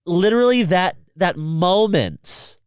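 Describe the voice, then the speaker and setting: A podcast co-host, an animated man, tells a story in casual chat and acts out the quotes. His high-pitched voice is slow, clear and resonant, with a dry, studio-quality recording.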